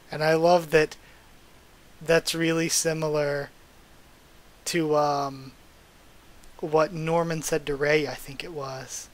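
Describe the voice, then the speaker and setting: A young man reads a comic aloud to his channel and stops often to react. His voice sits fairly high for a man, and he talks in an animated, openly emotional way. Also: slow, long pauses. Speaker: channel host reading a comic.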